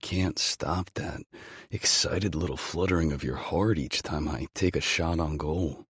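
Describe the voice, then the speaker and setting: A man's voice: a bass voice, unhurried, fairly bright tone, husky, dry recording, studio quality, heavily acted. A man playing a cocky, teasing hockey player. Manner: confident, teasing. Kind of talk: audiobook character voicing.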